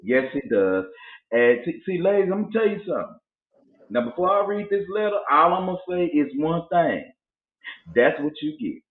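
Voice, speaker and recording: On the high side and sing-song at a moderate pace, a man's voice carries his casual chat show as host. He tells lively stories, imitating others' voices, over tinny phone-like audio in an echoey room.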